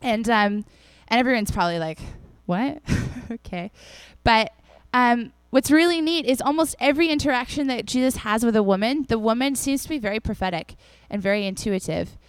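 A woman's voice: fairly high pitch, fairly quick, few pauses, smooth, no echo. A young woman giving a casual, chatty sermon to a congregation, acting out the people in the stories as she tells them. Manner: chatty and animated, acts out the people in the story. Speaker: preacher.

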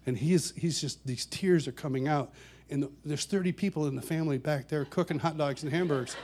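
Animated storytelling man, fairly high voice. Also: fairly quick, slight background noise. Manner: animated, laughs often, gets louder and higher as the story builds; restarts and repeats words while telling. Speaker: speaker telling a personal story to an audience. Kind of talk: storytelling talk.

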